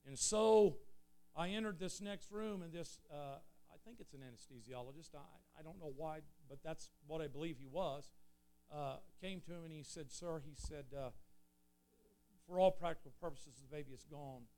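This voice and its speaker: A preacher telling an earnest story in a sermon, swelling loud and then dropping low. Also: male voice, moderate pace. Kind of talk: sermon testimony.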